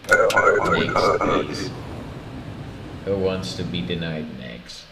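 A man's voice: low voice, lively intonation, slow pace. A man with a Polish accent voicing a curt, stern male border inspector in clipped, broken English. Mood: mocking. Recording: roomy with background noise.

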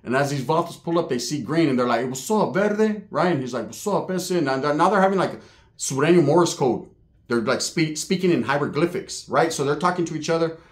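A man telling a street story in slangy, casual talk, shouting high when he acts out other people. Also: fairly quick. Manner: slangy, animated, voices others with loud high yells. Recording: echoey room.

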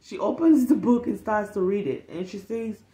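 A woman telling a story from her work with kids in a blunt, profane, animated way, acting out the lines of other people. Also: medium pitch, moderate pace. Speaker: storytime vlogger who works with kids. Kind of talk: casual storytime monologue. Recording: roomy echo.

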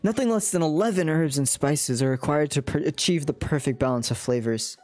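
A woman doing a breathy, folksy old colonel. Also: deep voice, brisk, a little mellow, natural voice. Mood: proud. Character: folksy elderly male fried-chicken colonel, pompous.

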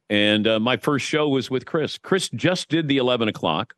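An animated man chats about sports and tells stories, slipping into other voices when he quotes people. His voice sits in the middle of the male range. The studio sound is dry and close. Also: mid-range voice, moderate pace, few pauses, dry recording. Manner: animated storyteller, does voices when quoting. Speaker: guest. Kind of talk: casual sports chat.

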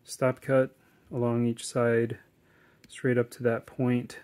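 Laid-back guy explaining a carving project, medium pitch, lots of ums and uhs. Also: slow. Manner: relaxed, chatty, corny jokes, many fillers. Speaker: woodcarving instructor. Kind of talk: casual step-by-step tutorial.

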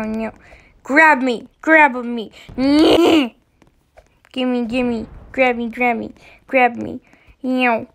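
A woman giving casual gameplay commentary, excitable, often shrieking and giggling as she plays. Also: sits high.

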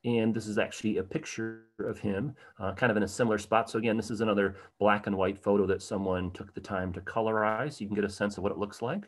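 A man with a fairly low voice gives a livestreamed art talk. His delivery is casual and chatty, full of ums and asides. He perks up now and then to stress a point. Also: fast talker, hardly any pauses. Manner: casual, conversational, animated at times, many fillers. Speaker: tour guide presenting an online program.

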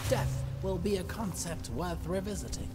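An actor playing a smug, menacing middle-aged villain who talks down to others in a condescending, theatrical way. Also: male voice, sits high, lively intonation, normal speed. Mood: mocking. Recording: game audio with reverb and music.

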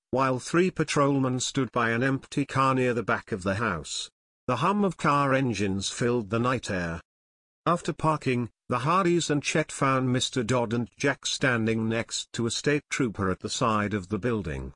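A man narrating an unabridged youth mystery audiobook in an even reading. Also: medium pitch, normal speed, dry recording, studio quality. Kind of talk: scripted narration.

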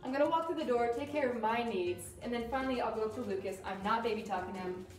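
A woman dog trainer explaining crate training in a calm, firm way while working with a dog. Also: a little high, quick pace. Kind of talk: instructional demonstration. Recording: roomy sound from a distance with music.

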